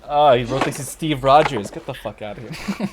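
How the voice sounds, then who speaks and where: A man's voice: mid-range voice, very animated, normal speed, background noise. A young man hosting a casual movie review chat, rambling and swearing, laughing often between remarks. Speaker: video host.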